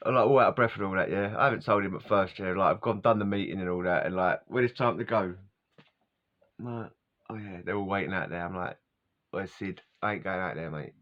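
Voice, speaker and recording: A man rambles through a casual story in streetwise slang and breaks into chuckles along the way. His voice sits fairly low. The recording is dull and lo-fi. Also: fast talker. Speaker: vlogger telling a life story. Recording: dull lo-fi sound.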